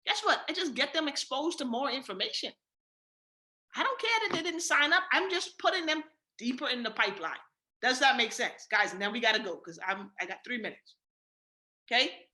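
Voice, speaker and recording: High, bright-voiced Bahamian woman coaching. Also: brisk. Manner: energetic, coaching, acts out sales dialogue; casual slang, many fillers. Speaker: sales team leader and trainer. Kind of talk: live training call.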